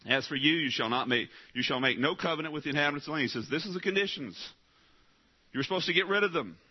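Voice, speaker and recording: A male pastor delivering a sermon from the pulpit. He climbs to loud, high, pleading peaks and then drops to low, hushed asides. The recording sounds dull and lo-fi. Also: quick pace, husky. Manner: emphatic preaching, swings from loud rising pleas to low quiet asides.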